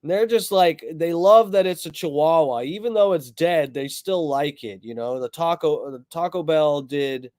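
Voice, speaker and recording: A man's voice: fairly high pitch, normal speed, few pauses, darkish tone, no room sound, studio quality. A man streaming, telling a long story in a rambling way, swearing constantly. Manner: rambling, heavily profane storytelling.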